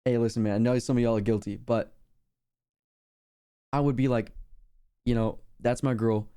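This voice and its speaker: A man's voice: medium pitch, fairly even intonation, moderate pace, dark tone, clean tone. A young man streaming casually, rambling in a laid-back slangy way with lots of fillers. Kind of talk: casual reaction chat.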